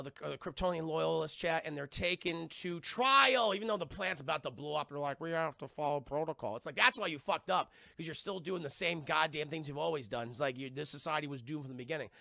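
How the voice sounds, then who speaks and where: A man's voice: on the high side, brisk, creaky, few pauses, bright, forceful tone, no room sound, studio quality. A young man casually recapping a film for his stream chat, rambling and swearing freely. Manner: profane, rambling, addresses chat often; mimics sounds and thanks viewers. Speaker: streamer reviewing films.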